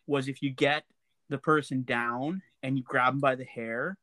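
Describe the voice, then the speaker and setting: A man chatting casually, relaxed, with many fillers, as he tells a story about his brother. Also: medium pitch, moderate pace, no room sound.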